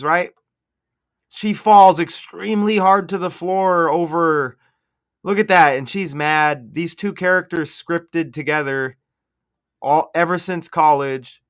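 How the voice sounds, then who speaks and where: A man's voice: on the high side, takes it slowly, fairly bright tone. A man hosting a casual video, commenting sarcastically over game footage and laying out number-cipher theories. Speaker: sports commentary video host.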